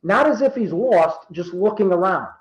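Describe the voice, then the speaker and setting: A man in his fifties from Rhode Island, telling true stories in casual talk and acting out the quoted dialogue with lively energy. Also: sits high, moderate pace, roomy sound, rough recording. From Rhode Island, USA. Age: 50s. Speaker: guest. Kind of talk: casual storytelling.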